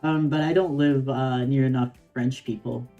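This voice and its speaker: A woman's voice: extremely low pitch, fairly even intonation, normal speed, warm tone, muffled recording, faint music behind. A woman streamer reading a game story aloud on stream, reacting with playful giggles.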